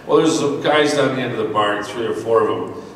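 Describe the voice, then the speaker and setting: An American man in his sixties telling a rambling, animated story with laughs and restarts as a guest on a convention panel. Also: medium pitch, brisk, slight background noise. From United States. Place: large convention hall. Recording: echoey hall audio from far off.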